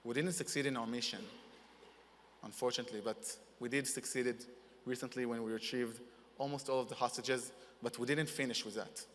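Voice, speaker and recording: A young man giving a halting, earnest personal testimony in as a wounded soldier receiving an award. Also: mid-range voice, steady tone, a bit bright, a little hiss or hum. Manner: halting, earnest, in non-native English. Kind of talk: emotional personal testimony speech. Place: large conference hall. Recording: reverberant conference hall.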